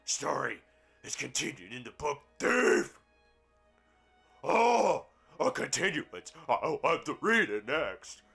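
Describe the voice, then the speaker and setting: A man with a deeply gravelly, husky voice reads a story aloud in slow, unhurried fashion. His tone is bright and forceful as he cuts in with crude, profane jokes at the text's expense. Faint music plays underneath. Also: big pitch swings. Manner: crude mocking asides, profane. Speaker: gaming roleplay streamer. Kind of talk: reading a book aloud with commentary.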